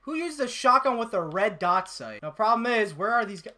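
A young man giving excitable, swear-heavy live commentary over his own gameplay, often bursting into yells. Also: high-pitched, brisk. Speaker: gamer and channel host.

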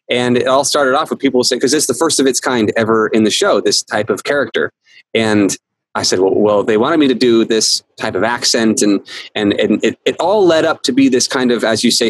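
A man guest on an interview, telling stories in a lively, laughing way and acting out quotes. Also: mid-range voice, poor audio. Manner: animated storyteller, laughs often, acts out quotes. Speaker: actor guest. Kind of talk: casual interview chat.

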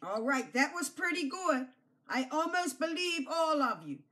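Woman pastor, high bright voice, unhurried children's lesson with lots of repetition. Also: sing-song, a little hiss or hum. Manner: slow, emphatic, repeats key phrases; coaxes children to repeat after her.

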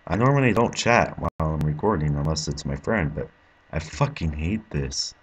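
A young man commentating his own gameplay, frustrated and swearing, with sudden angry yells. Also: extremely low pitch, lively intonation, normal speed, a little hiss or hum. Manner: frustrated, swearing, bursts into yelling. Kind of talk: let's play commentary.

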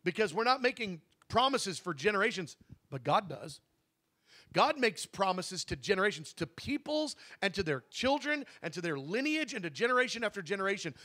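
A man teaching a Bible session in a conversational way, slowing down to stress key words and correcting himself as he goes. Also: high voice, very animated, pushed and bright. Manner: conversational, with asides and self-corrections.

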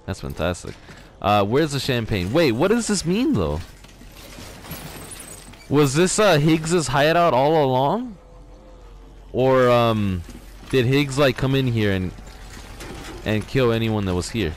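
A young man hosting a let's play, excitedly exclaiming and talking to his viewers from his garage. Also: medium pitch, slow pace, pauses often, slight background noise. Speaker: gaming channel host. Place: home garage.

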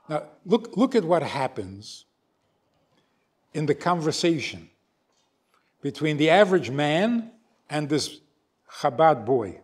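Animated older rabbi telling a story. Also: male voice, on the high side, slow, pauses often, slightly rough. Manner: animated storyteller, acts out both sides of dialogues. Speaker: rabbi lecturer. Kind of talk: storytelling lecture. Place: synagogue hall.

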